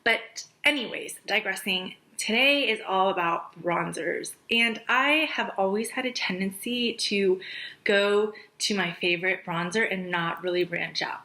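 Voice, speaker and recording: Breathy young woman doing a makeup vlog, bright crisp voice, gushy and chatty. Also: mid-range voice, measured pace, low-quality recording. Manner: chatty, gushing, drops to a whisper on praise. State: out of breath, pregnant. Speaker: makeup artist and beauty vlogger. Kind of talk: casual beauty review chat.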